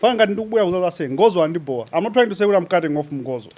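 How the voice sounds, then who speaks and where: A man co-hosting a podcast in relaxed, laid-back chat, mixing in Chichewa and laughing often. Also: sits high, rapid-fire. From Malawi. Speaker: podcast co-host.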